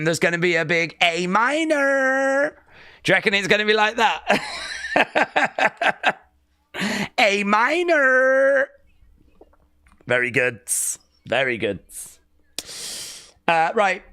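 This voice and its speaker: A man hosting a live watch-along stream, chatting casually and jokily, reading out chat and breaking into sudden excited shouts. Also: on the high side, smooth, no room sound, clean studio sound. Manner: excitable, jokey, with sudden loud outbursts.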